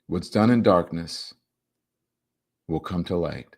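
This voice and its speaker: A male talk show host with a somewhat low-pitched voice, running a livestream and reading out comments from viewers. He talks in an animated, emphatic way and adds playful, teasing asides. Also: slow pace, husky.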